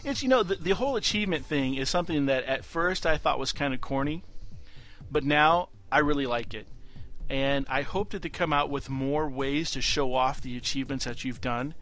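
A man co-hosting a casual gaming podcast, telling stories in a relaxed, chatty way with fillers. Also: mid-range voice, moderate pace, soft background music. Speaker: podcast co-host.

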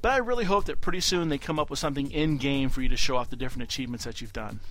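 A man co-hosting a casual gaming podcast, telling stories in a relaxed, chatty way with fillers. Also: mid-range voice, very fast, faint music behind. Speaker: podcast co-host.

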